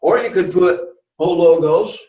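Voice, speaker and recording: Guy teaching greek in a class, slightly high voice, echoey room, dull lo-fi sound. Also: unhurried, mellow. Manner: explains with frequent okay and all right checks. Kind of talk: classroom lecture.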